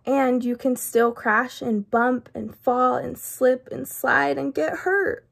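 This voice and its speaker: A woman voicing an anxious, fretful male walrus in a children's storybook, talking slowly and rambling through all his worries. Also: high-pitched, steady tone, creaky, full character voice. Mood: worried. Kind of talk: children's storybook read-aloud.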